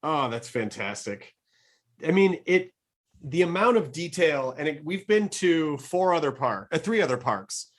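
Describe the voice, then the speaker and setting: A man's voice: on the high side, very animated, measured pace. A middle-aged man hosting a podcast, chatting eagerly and rambling through his thoughts with frequent restarts. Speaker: podcast host. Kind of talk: casual interview chat.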